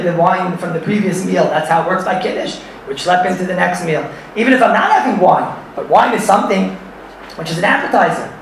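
Guy teaching a class, kinda high voice, lots of yiddish and hebrew words, laughs a bunch, super echoey, sounds far off. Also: slight background noise. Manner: animated, mixes Yiddish and Hebrew terms, laughs often. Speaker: Torah teacher. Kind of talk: lively halachic class. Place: room with audience. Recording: echoey room, far from the mic.

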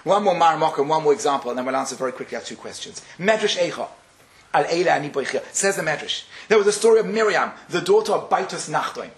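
A man giving a Torah lecture, telling stories with animated delivery and acting out the quotes. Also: fast, reverberant, rough recording. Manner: animated, acts out quotes with sharp pitch jumps. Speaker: rabbi giving a Torah class.

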